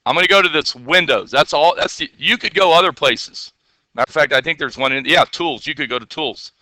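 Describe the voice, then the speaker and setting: A man leads a classroom lesson on software, talking casually and checking in with his students again and again. His voice sits a little high and is very bright and clean. The sound is dry and close. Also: brisk, dry recording. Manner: chatty, asks the class questions, playful asides. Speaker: teacher.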